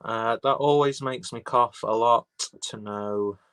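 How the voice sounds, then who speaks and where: A man's voice: medium pitch, fairly even intonation, takes it slowly, a bit bright, clean tone, poor audio. A man with an English accent, hosting a casual livestream and reading viewers' comments aloud, rambling and swearing freely. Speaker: livestream host reading chat.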